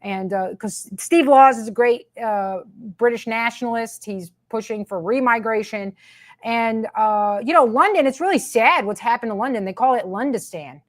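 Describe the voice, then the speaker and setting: A woman's voice: fairly high pitch, moderate pace. A woman hosting her own commentary show, ranting with sarcasm and emphatic repetition. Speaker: commentary host.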